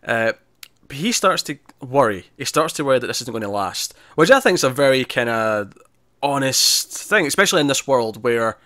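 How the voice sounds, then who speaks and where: A man's voice: mid-range voice, moderate pace, no room sound. Chatty male TV reviewer, dry sound. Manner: animated recapping, acts out characters' lines; frequent restarts and repeated words. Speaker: podcast co-host reviewing TV. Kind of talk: casual review discussion.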